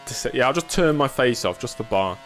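A man's voice: mid-range voice, lively intonation, brisk, a bit bright, slight background noise. Chatty man streaming a race game. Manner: chatty, answering viewers casually; dry self-mocking humor. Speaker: sim racing streamer. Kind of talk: live gameplay commentary.

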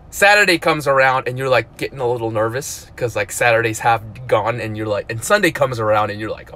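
A man in his thirties talking casually on a live stream, animated and full of "dude" and "like", with loud outbursts and mumbled asides. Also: medium pitch, fairly quick. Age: 30s. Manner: lots of "like" and "dude", repeats himself. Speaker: vlogger.

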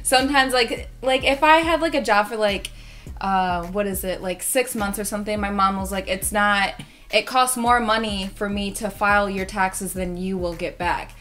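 A young woman telling a story in a casual, rambling way, full of filler words and excitable bursts. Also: medium pitch, normal speed.

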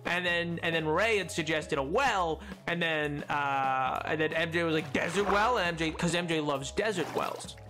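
High-voiced rambling male streamer. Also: moderate pace, few pauses, over music. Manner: rambling and chatty, answers chat questions aloud; playful, with many fillers and self-corrections. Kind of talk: casual livestream chat while gaming.

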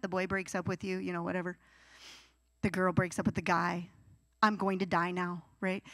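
Animated woman preaching, dry close sound. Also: a little high, moderate pace, dry recording. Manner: animated, acts out whiny teenage voices. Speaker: youth pastor. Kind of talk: sermon.

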